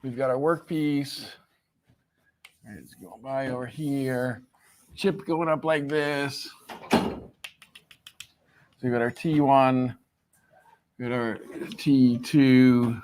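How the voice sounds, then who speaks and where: A man's voice: mid-range voice, steady tone, slow pace, pauses often, darkish tone, slight background noise. A male professor giving a classroom lecture in a conversational way, often checking in with "right?". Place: lecture hall.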